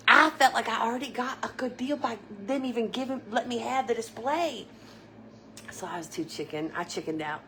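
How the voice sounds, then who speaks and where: A woman's voice: mid-range voice, moderate pace, fairly bright tone, a little hiss or hum. A woman hosting a casual livestream, chatting with viewers and telling stories with frequent laughter. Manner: chatty, storytelling, laughs often. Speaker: livestream host.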